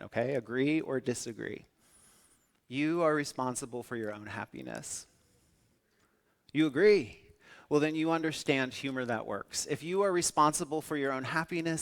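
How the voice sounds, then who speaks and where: Animated male keynote speaker. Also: medium pitch. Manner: animated storytelling with acted-out quotes. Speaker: public speaker. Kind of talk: keynote talk.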